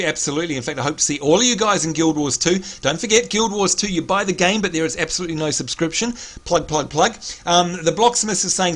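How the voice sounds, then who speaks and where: A man's voice: a little high, brisk, hardly any pauses, fairly bright tone. An Australian man hosting a live game stream, chatting casually and reading out viewer names in an upbeat way. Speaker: stream host.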